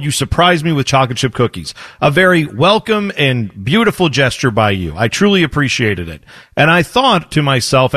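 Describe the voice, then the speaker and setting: A man in a podcast chat with a wry, conversational delivery. His voice is mid-pitched, and the recording is dry and close with no room sound. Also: a bit bright, no echo. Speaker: podcast co-host. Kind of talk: casual chat.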